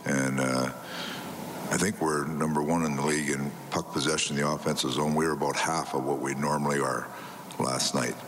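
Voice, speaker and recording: An older man, a hockey coach, talking through last night's game in a measured, plain-spoken way at a media session. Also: a bass voice, little pitch movement. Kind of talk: post-practice media interview. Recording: clip with faint background noise.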